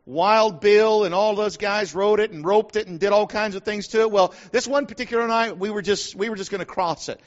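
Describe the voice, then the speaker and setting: Middle-aged man, very high voice, folksy preacher telling stories, dull lo-fi recording. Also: fairly quick, hardly any pauses. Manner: folksy storyteller, acts out quotes. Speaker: pastor. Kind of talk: sermon with personal story. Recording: dull lo-fi sound.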